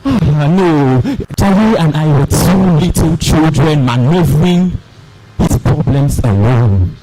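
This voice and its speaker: A young man performing a dramatic spoken-word story in an animated, theatrical way. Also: a little high, slow pace, poor audio. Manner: animated, theatrical, voices the characters.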